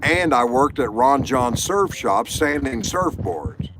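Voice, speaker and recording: A man's voice: mid-range voice, lively intonation, slow, background noise. A man in his sixties from Florida hosting a livestream, chatting in a rambling, folksy, confessional way. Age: 60s. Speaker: livestream host. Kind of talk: casual livestream chat with viewers. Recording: livestream with loud background music. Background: loud music.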